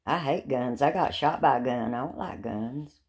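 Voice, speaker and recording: A woman's voice: extremely low pitch, moderate pace, darkish tone. A middle-aged woman, rambling chattily to her phone camera in a casual vlog. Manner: rambling and chatty, with repeated words and self-mocking laughs. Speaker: vlogger. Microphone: handheld phone.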